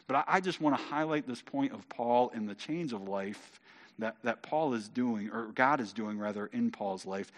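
A Bible teacher with a mid-range voice reads scripture aloud and explains it in a lively, conversational manner, frequently stammering and repeating words.

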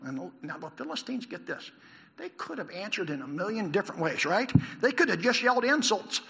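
A man preaching a sermon in a church, animated, asking the congregation questions. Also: high-pitched, normal speed, gravelly. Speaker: pastor. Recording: long hall reverb.

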